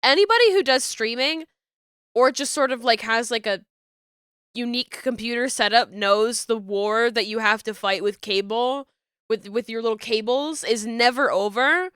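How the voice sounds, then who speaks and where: A woman's voice: on the high side, moderate pace, fairly bright tone, clean tone, dry recording, clean studio sound. A woman streaming from her home desk setup, chatting casually with viewers, stuffy and congested, laughing often.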